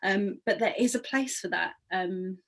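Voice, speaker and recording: A woman hosting a conversation, speaking thoughtfully and reflectively. She has a plain, middle-pitched voice and takes her time to shape her points. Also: measured pace, rough recording. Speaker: interviewer, performance artist. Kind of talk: casual conversation.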